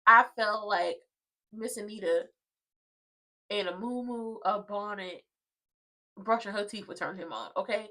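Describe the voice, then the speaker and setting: A woman's voice: medium pitch, a little slow, pauses often, bright, forceful tone, poor audio. A woman hosting a casual soap opera watchalong, recapping scenes with sass and drama. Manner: sassy, dramatic, acts out the characters' lines.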